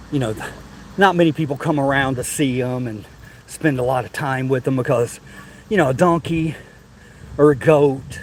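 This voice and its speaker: A man streams a laid-back live tour of a zoo, walking outdoors a little out of breath, laughing, chatting and saying things more than once. His mid-range voice is a little mellow, and there's a faint hiss or hum.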